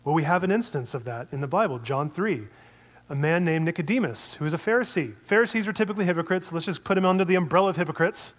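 A man's voice: fairly high pitch, long reverb tail. A man preaching a sermon in a conversational way, asking many rhetorical questions.

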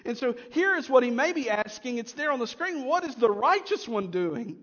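Male pastor, very high voice, emphatic sermon delivery; dull, reverberant church sound. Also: sing-song, moderate pace. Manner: emphatic preaching, rising and dropping to a hush.

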